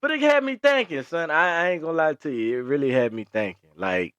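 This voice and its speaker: A young adult man co-hosting a podcast in casual chat, telling stories, often laughing and jumping up high to quote other people. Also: a little fast, smooth, dry recording, dull audio. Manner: animated storyteller, acts out high-pitched quotes, laughs often. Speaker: podcast co-host.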